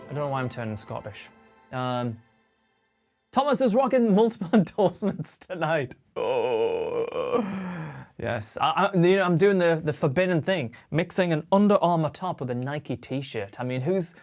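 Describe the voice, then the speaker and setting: A young man hosting a guitar livestream, chatting casually and cheerfully with viewers and reading out their comments. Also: on the high side. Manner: chatty and upbeat, greets viewers and reads chat aloud. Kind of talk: casual live-stream chat.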